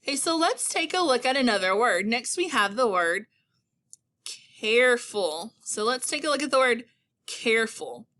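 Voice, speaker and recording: A woman teacher giving a recorded phonics lesson to young children, speaking slowly and encouragingly with clearly enunciated words. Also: sits high, animated, bright, forceful tone. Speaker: elementary school teacher.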